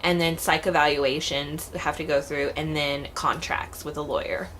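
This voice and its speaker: A woman's voice: sits low, little pitch movement, normal speed, fairly bright tone, slight background noise. A woman in her thirties talking casually to her vlog viewers in a chatty, rambling, heartfelt way. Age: 30s. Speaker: vlogger. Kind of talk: casual vlog talk to camera.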